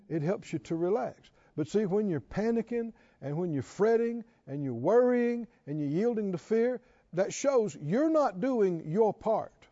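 High-voiced guy preaching, swoops up and down a lot, mellow tone, lo-fi sound. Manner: repeats questions to the congregation, rising emphatic calls. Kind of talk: sermon.

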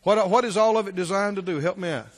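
A man's voice: high-pitched, fast, in a large hall, some chatter behind. A man preaching a sermon as a pastor, emphatic and repetitive, firing rhetorical questions at his listeners.

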